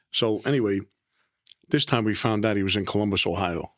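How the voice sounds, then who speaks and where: A man's voice: lowish voice, a little fast, no echo, clean studio sound. A middle-aged man, telling rambling stories in a casual interview and often restarting his sentences. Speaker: guest, former mobster.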